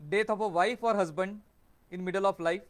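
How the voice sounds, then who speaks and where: High-voiced man explaining calmly. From India. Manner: measured, deliberate, short phrases. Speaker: host of a video series on Indian tradition. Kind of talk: explanatory talk to camera.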